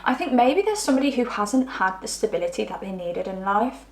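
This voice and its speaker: Woman, tarot reader, middle pitch, chatty and rambling, roomy echo. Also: big pitch swings, a little fast. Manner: chatty, rambling, trips over words. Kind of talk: pick-a-card tarot reading.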